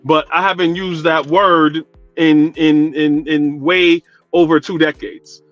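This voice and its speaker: A man's voice: a little high, flat delivery, slow pace, a bit bright, no room sound, muffled recording, soft background music. A man from New calling in to a radio talk show, talking casually at length with many fillers. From New York, Guyanese descent. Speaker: caller. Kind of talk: call-in radio chat.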